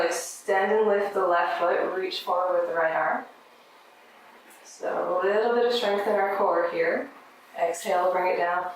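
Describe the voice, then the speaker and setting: A woman teaching a yoga class, giving gentle, encouraging step-by-step cues for breath and movement. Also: fairly low pitch, a little hiss or hum. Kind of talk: guided yoga class instruction. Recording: very echoey room, mic at a distance.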